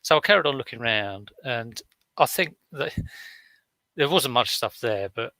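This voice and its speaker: A man's voice: medium pitch, lively intonation, measured pace, sharp tone, no echo. Chatty man rambling through a haul. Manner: rambling, chatty storytelling with many fillers and restarts. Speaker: reseller vlogger. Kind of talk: casual live-stream chat.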